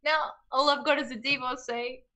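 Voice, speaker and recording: A woman's voice: high voice, steady tone, normal speed, bright, forceful tone. A woman co-hosting a casual livestream chat, giggly and wistful, playfully giving up her points. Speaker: co-host.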